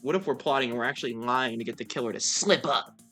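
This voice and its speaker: A young woman streamer chatting casually over a game, excitable and gushing, often stumbling over her words. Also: extremely low pitch, soft background music. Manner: excitable, gushing, with fast repeated restarts. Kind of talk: casual let's-play commentary.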